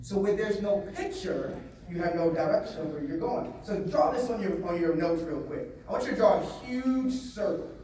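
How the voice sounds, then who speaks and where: A man giving a motivational seminar talk to a live audience, animated, repeating phrases and getting the crowd to answer back. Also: high voice, normal speed, hardly any pauses. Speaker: motivational speaker. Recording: echoey hall, voice from a distance.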